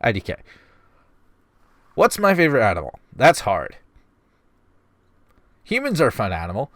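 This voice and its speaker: A man's voice: medium pitch, wildly swooping pitch, moderate pace, fairly bright tone, no room sound. A man in his twenties with a stuffy nose, answering viewer questions in a wry, self-deprecating casual vlog. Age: 20s. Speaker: vlogger.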